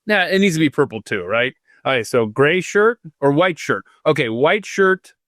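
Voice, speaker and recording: A man's voice: fairly high pitch, big pitch swings, moderate pace, fairly bright tone, no room sound, clean studio sound. A man hosting a podcast in an unscripted, casual way, drifting off topic into self-mocking asides while reading out history. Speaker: podcast host.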